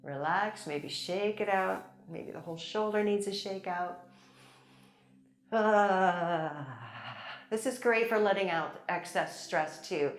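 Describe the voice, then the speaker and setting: A woman teaching a chair yoga class, gently guiding breaths and movements with encouragement and light laughs. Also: mid-range voice, moderate pace, hardly any pauses. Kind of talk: guided yoga class instruction. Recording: echoey room with soft music. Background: soft background music.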